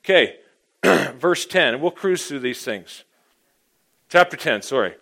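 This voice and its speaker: A middle-aged man preaching a sermon, telling his own story and swinging from hushed asides to loud, emphatic points. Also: a little high, expressive, takes it slowly, creaky. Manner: personal testimony, dynamic, swings from hushed to loud. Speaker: pastor.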